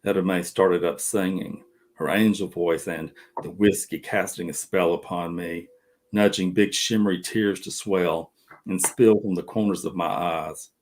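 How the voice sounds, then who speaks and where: A middle-aged male author reading a passage from his novel slowly and lyrically. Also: low-pitched, steady tone.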